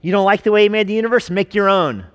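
A man's voice: high voice, fast, fairly bright tone, clean tone, long reverb tail, dull audio. A male pastor preaching a sermon in a conversational way, with jokes and rhetorical questions, in a church sanctuary.

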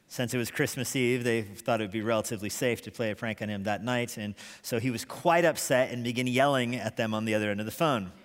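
Man preaching in a reverberant church. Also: mid-range voice. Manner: animated storyteller, chuckles often. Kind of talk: sermon storytelling. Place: church sanctuary.

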